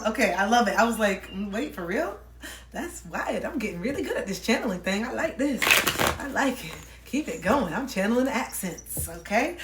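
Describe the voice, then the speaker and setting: A woman's voice: mid-range voice, a bit bright, far from the mic. A woman reading tarot for a live audience in a reassuring, intimate way. She keeps circling back to her points and checking in with her listeners. Her voice carries some room echo and sits a little back from the mic, with a faint hiss behind it. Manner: intimate, reassuring, repeats phrases, checks in with "okay?". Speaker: tarot reader.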